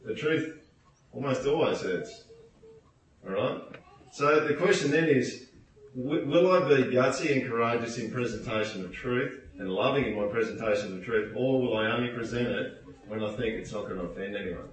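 A man's voice: mid-range voice, moderate pace. A man preaching a sermon to a congregation in a church hall, talking in a conversational way, asking the listeners questions and acting out quoted voices. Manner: acts out quoted voices in asides. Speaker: pastor. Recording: echoey hall, speaker far from mic.

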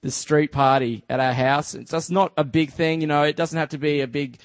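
An Australian man speaking to a church in a loose, conversational way, his sentences full of "just" and "you know". His voice sits a little higher than most men's, and the sound is close and dry, with almost no room echo. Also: fairly even intonation, a little fast. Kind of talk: casual storytelling sermon.

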